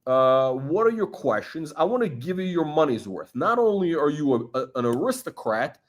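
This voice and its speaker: A man's voice: fairly high pitch, big pitch swings, moderate pace. A middle-aged man hosting a watch channel, chatting in a gossipy, digressive way, full of asides and fillers. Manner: gossipy, digressive, heavy on "you know" fillers. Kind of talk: rambling livestream chat.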